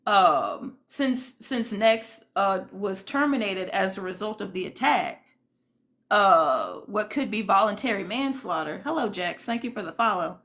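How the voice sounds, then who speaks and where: Woman streamer with a gravelly fry. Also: medium pitch, expressive, measured pace, a bit bright. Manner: indignant, rambling commentary with many fillers. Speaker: livestream host. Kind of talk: casual livestream chat with viewers.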